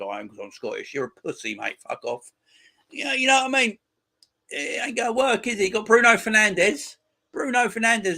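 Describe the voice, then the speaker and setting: A man in his forties with a fairly high-pitched voice, hosting a casual live stream and chatting with his viewers. He talks in loose, crude banter and openly mocks the teams he discusses. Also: pushed and bright. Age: 40s. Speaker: football channel host.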